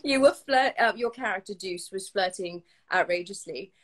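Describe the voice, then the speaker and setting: A woman's voice: mid-range voice, moderate pace. A woman hosting a casual interview chat, enthusiastic and gushing, laughing often between questions. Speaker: host.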